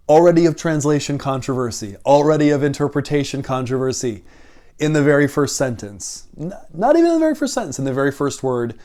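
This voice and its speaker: A man's voice: medium pitch, a little mellow. Earnest man lecturing on scripture. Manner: earnest, explanatory, with self-corrections and restarts. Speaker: seminary professor. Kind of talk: video lecture.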